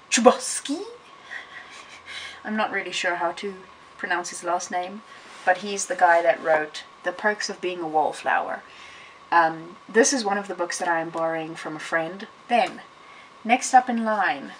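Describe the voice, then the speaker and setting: A woman talking casually in a bookshelf tour vlog, chatty and rambling, often correcting herself mid-sentence. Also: fairly low pitch. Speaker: vlogger. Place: room at home beside a bookshelf. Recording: distant camera mic with faint hiss.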